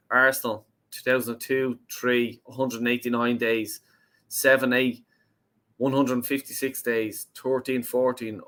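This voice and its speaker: A man's voice: medium pitch, fairly bright tone. Irish man, young, casual live-stream host, sweary chat. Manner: swears a lot, reads out chat messages. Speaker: host of a fan call-in show.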